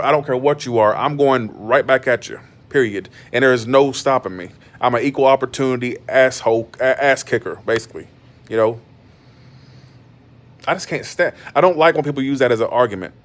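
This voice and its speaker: Blunt, emphatic man ranting on his channel. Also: mid-range voice. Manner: blunt, emphatic, repeats himself. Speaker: tarot channel host. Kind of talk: casual livestream rant.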